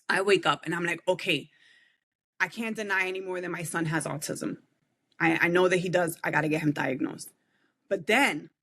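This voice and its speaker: A woman's voice: on the low side, a bit bright. A woman who is a podcast guest, telling an emotional personal testimony in an earnest, heartfelt way with frequent "like" fillers.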